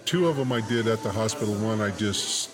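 A man telling a funny story in casual chat, animated and laughing often as he goes. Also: lowish voice, a little fast, crowd noise.

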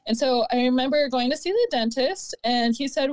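A woman in her thirties telling her own story in an interview, candid and earnest, pausing and restarting often. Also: high voice, expressive, darkish tone. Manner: halting, with frequent fillers and restarts. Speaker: interview guest.

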